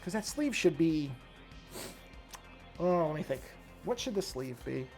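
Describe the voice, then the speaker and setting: A man's voice: on the high side, very animated, unhurried, darkish tone, faint music behind. A man chatting casually while working on a digital drawing, rambling and correcting himself as he thinks aloud. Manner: rambling, self-correcting, apologetic about yawning. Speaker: artist streaming his drawing.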